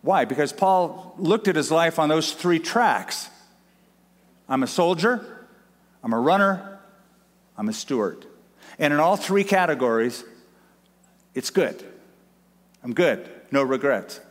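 A man preaching a sermon as a pastor, emphatic, with dramatic pauses and repetition. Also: on the high side, expressive. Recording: long hall reverb.

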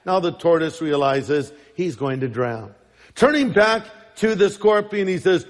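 A man's voice: fairly high pitch, expressive, a little slow. A man preaching a sermon as pastor, emphatic and fond of rhetorical questions. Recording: long reverb in large hall.

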